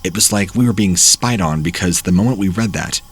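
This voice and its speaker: Man, horror story narrator, very low voice, husky, plain steady reading. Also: a little fast. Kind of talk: reading first-person horror stories.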